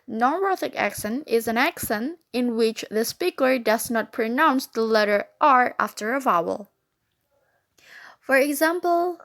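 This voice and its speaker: Slow, careful woman reading a lesson. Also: a little high, a bit bright. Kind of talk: reading a phonetics lesson aloud.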